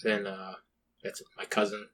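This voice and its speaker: A man's voice: lowish voice, monotone, measured pace, a bit bright, a little hiss or hum. Rambling, swearing young man storyteller. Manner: rambling storyteller, swears a lot, acts out quotes. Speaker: podcast co-host. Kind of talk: casual chat.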